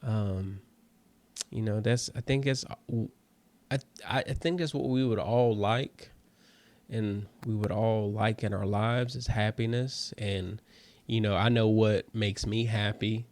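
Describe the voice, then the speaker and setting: A man's voice: on the low side, fairly even intonation, slow, darkish tone, dry recording. A comedian hosting his own show, chatting casually and loosely to listeners with lots of fillers and calling them family. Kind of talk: casual solo chat to listeners.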